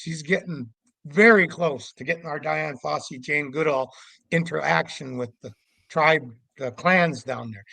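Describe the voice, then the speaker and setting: Gravelly middle-aged man telling stories. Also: a little high, no echo, low-quality recording. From Canada. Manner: animated, acts out voices with loud shouts. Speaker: guest storyteller, Sasquatch investigator. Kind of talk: casual storytelling.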